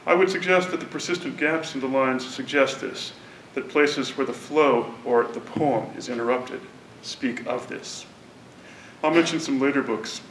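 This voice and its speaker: A man delivers a measured, deliberate academic introduction in a university lecture hall. He sits back from the microphone, and the room's echo hangs around his words. A faint rumble runs underneath. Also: a bit bright, far from the mic. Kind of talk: prepared literary introduction.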